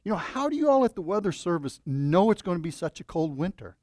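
A man's voice: high-pitched, big pitch swings, fast, a little mellow, no echo, clean studio sound. A man voicing a nervous young male chief in a joke, hesitant and stammering.

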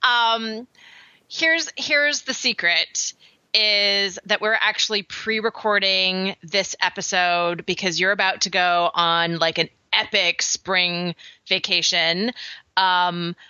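A woman's voice: mid-range voice, steady tone, takes it slowly, bright, forceful tone, clear, resonant tone, dry recording, dull audio. A woman in her thirties co-hosting a podcast, upbeat and chatty, with lots of fillers. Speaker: podcast co-host. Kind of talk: casual podcast chat.

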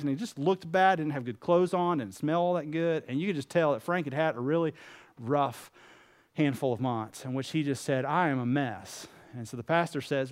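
A man with a high voice preaches a sermon to his congregation. He is earnest and emphatic and slips into stories, voicing the people in them. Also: a little fast. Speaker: pastor.

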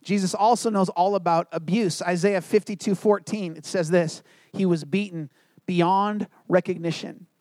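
A man preaching a sermon as a pastor, telling a personal story earnestly and dropping to quiet, low tones for emphasis. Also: fairly even intonation, normal speed, no room sound.

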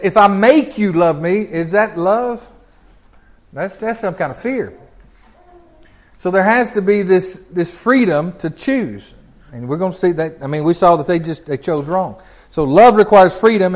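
A man's voice: high voice, expressive, measured pace. A man teaching a Bible class in a folksy, conversational way, often chuckling and restarting his phrases.

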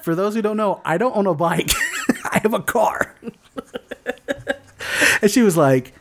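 Animated, profane male podcast host. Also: high-pitched, measured pace, creaky, a little hiss or hum. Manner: animated, profane, laughs often, acts out other voices. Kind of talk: casual storytelling chat.

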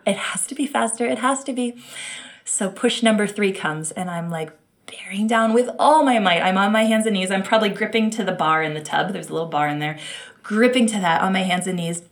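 A woman from the United States telling her birth story in an interview, animated, acting out quotes and laughing often. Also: medium pitch, brisk. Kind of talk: emotional personal storytelling.

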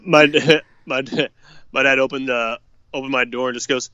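A man's voice: mid-range voice, steady tone, moderate pace, a crowd in the background. Laid-back young man, slightly muffled. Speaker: podcast co-host. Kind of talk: casual sports chat.

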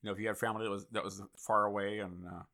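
Bright-toned chatty male radio host. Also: lowish voice, level tone, racing. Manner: chatty, loose, with repeated thank-yous and fillers. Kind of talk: casual radio interview.

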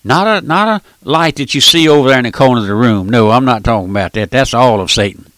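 Older guy preaching on the radio, bright voice swinging up and down, super dry sound. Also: medium pitch, animated, fast, no room sound. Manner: fiery, emphatic preaching with folksy expressions. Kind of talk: radio sermon.

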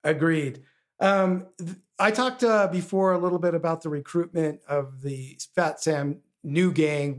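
A man hosting a podcast, chatting casually about a film with frequent ums and uhs. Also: fairly high pitch. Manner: hesitant, many ums and uhs. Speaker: podcast host.

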